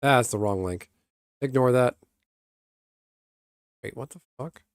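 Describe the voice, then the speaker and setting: Brief: young male streamer at home, rambling and blunt, dry close sound, mid pitch. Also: unhurried, clear, resonant tone, no echo. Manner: rambling, blunt, swears casually. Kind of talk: casual stream chatter.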